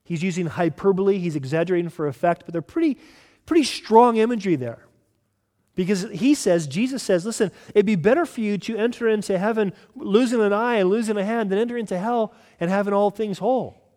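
A male pastor preaching a sermon with emphatic delivery, swinging from loud urgent lines to hushed ones. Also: high voice, fairly quick, big-room sound.

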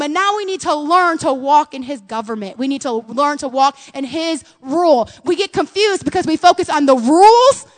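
Fervent high-voiced woman preaching. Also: in a large hall. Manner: earnest, addresses listeners as friends, rises to loud fervor. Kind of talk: sermon.

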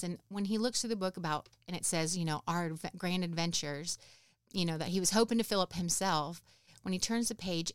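A woman's voice: on the low side, smooth, dry recording, studio quality. A woman in her thirties hosting a podcast, talking in an earnest, encouraging way that rambles with restarts as she reflects on life. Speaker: podcast host. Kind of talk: reflective personal talk.

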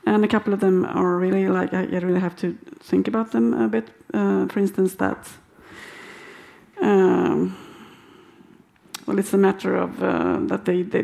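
A woman speaking hesitantly as a panel participant, halting often as she thinks aloud. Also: on the low side, gravelly, a little mellow. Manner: halting, many fillers and restarts. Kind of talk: hesitant conversational remarks.

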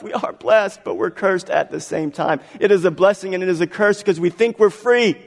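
A man preaching a sermon as pastor, swinging between quiet, drawn-out lines and loud, pressing ones. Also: high-pitched, vocal fry. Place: church sanctuary. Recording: long hall reverb.

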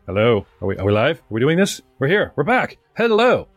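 A man's voice: medium pitch, very animated, fast talker, dry recording, soft background music. A man hosting a live-streamed tabletop game, chatty and rambling as he introduces his players. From North America. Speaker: game master and podcast host.

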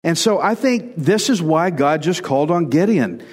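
A man preaching in a relaxed, chatty way, his voice sitting a little higher than most men's. He is animated and doubles back on words to drive home a point. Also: normal speed, breathy edge, in a large hall. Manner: animated, repeats words for emphasis. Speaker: pastor. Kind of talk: conversational sermon.

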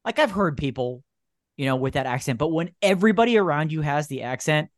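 A man's voice: on the high side, animated, a little fast, no room sound, clean studio sound. A man co-hosting a casual podcast, telling stories in an easygoing way and laughing often. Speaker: podcast co-host.

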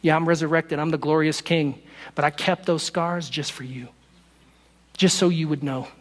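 A man preaching voices a calm, tender risen male teacher who speaks softly and reassuringly. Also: fairly high pitch, moderate pace, big-room sound, close to an everyday voice.

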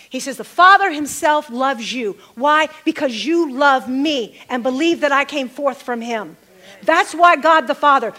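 A woman's voice: high voice, bright, forceful tone. A middle-aged woman preaching a sermon, calling out to the congregation and repeating phrases for emphasis.

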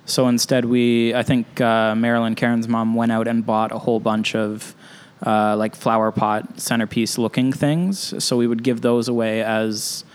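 A man's voice: medium pitch, little pitch movement, moderate pace, smooth. A man talking as a newlywed guest on a podcast, a wry storyteller with dry humor. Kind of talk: casual interview chat.

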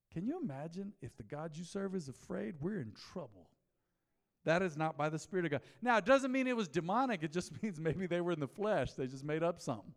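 A pastor delivering a relaxed mid-week sermon, his voice pitched a little high for a man. He talks like he's chatting with the congregation, telling stories and tossing questions out to them. The room carries a long reverb. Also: fairly quick. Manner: conversational, storytelling, asks the congregation questions. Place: church sanctuary.

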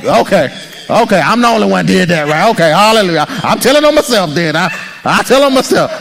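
A male pastor preaching an animated sermon, joking with the congregation and acting out people's inner voices. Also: sits high, fairly quick, gravelly, slight background noise. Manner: jokes and teases the congregation.

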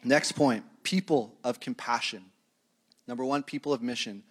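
A man's medium-pitched voice moves at normal speed as he preaches a casual, chatty sermon. The pastor treats his congregation like friends, teasing himself and chuckling when he drifts off topic.

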